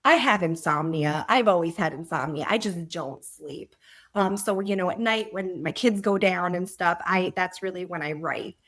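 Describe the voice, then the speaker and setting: A woman author being interviewed on a podcast, telling anecdotes in an animated way and laughing as she talks. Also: lowish voice, normal speed. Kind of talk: conversational interview.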